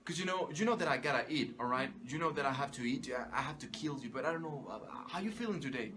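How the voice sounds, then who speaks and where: A man's voice: lively intonation, fast, noisy background, lightly acted. A man voicing an overly polite, apologetic male lion in a raised, fawning tone. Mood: mock-polite. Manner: fawning, apologetic, higher-pitched.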